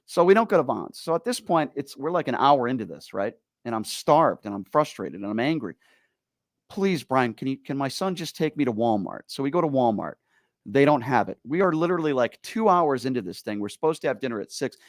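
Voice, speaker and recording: A man hosting a talk radio show, telling stories in an animated, exasperated way. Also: mid-range voice, a little fast, no room sound, clean studio sound. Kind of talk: casual talk radio chat.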